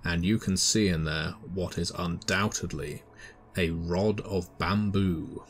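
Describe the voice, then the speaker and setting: A man narrating a tabletop horror game as game master, describing scenes in a measured way. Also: low voice, steady tone.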